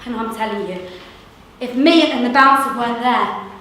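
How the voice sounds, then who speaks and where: A woman with a slightly high, pushed and bright voice speaks at normal speed, with a little hiss or hum on the recording. In a lively theatre monologue she plays a chatty, cheerful London street seller with a London accent, telling a story and mimicking other people's voices. The sound comes from far off in an echoey hall.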